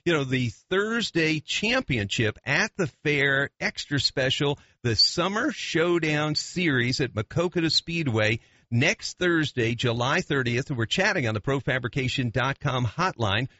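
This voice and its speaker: Bright upbeat radio host man. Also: mid-range voice, lively intonation, unhurried, no room sound, dull audio. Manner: upbeat, promotional, repeats event details. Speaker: radio racing show host. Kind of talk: radio interview hosting.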